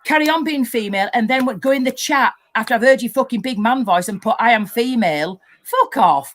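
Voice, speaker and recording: A woman's voice: a little high, a little fast. A woman furiously ranting and swearing as a guest on a live stream. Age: adult, married. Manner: furious, swearing heavily, loud outbursts. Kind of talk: angry rant on a live stream.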